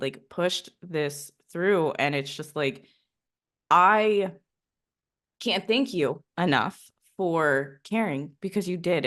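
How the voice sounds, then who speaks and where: A young woman hosting a podcast, speaking in an emotional, grateful and halting way to a former leader. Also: low-pitched, a bit bright. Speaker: podcast host, former Marine. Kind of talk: casual interview chat.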